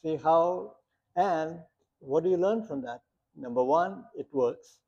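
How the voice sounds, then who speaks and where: A man's voice: a little high, takes it slowly, gravelly, a little mellow, breathy edge. A man teaching a meditation class, talking plainly with lots of rhetorical questions and short stories. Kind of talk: guiding a meditation talk. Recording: muffled lo-fi sound.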